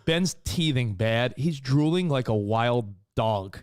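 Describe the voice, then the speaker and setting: A man in his thirties, co-hosting a casual podcast and telling stories in an animated way, swearing casually. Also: mid-range voice, slow pace. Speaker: co-host.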